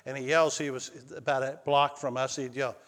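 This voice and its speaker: A male pastor telling a personal story in a sermon, swinging between loud calls and hushed lines. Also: mid-range voice, level tone, moderate pace, in a large hall. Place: church sanctuary.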